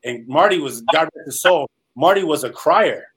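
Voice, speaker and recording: A man's voice: a little high, lively intonation, normal speed, a bit bright, husky, low-quality recording. A man from California, a former pro football player, telling his life story in an interview, earnest and rambling with many fillers. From Salinas, California.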